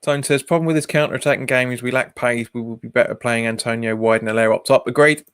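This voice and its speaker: Bloke doing a casual match watch-along, laughs a lot, reads chat, mid pitch voice. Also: male voice, fairly even intonation, fast, a bit bright, clear, resonant tone. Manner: chatty, laughs often, reads viewer comments aloud. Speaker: football watch-along streamer. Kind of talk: casual live commentary and chat.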